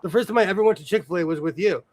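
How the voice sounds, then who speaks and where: A male host in casual chat, talking in an animated way and laughing often. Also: sits high, racing.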